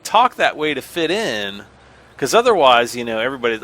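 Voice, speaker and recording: A man's voice: medium pitch, very animated, fairly quick, fairly bright tone. A middle-aged American man giving casual, rambling gameplay commentary, self-deprecating and chuckling often. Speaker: gaming channel host.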